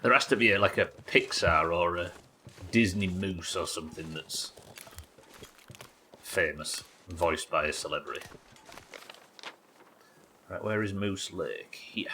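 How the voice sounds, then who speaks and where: British male streamer, low bright voice, chatty and joking, faint hiss behind. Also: unhurried, pauses often, rough recording. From United Kingdom. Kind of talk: casual gameplay commentary.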